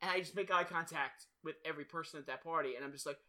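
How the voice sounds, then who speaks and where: Bright-voiced rambling male podcast host. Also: fairly high pitch, quick pace. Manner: rambling, profane, often laughing. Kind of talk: casual chat.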